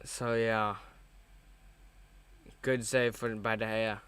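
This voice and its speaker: A young man hosting a live football watchalong, reacting to the match with chatty, excitable fan commentary. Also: on the low side, slow pace, clean tone.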